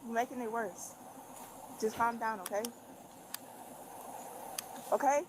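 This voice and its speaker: A woman pleading with a detained man to calm down, outdoors by a car during a police stop. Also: fairly high pitch, slow, background noise. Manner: pleading, trying to calm someone.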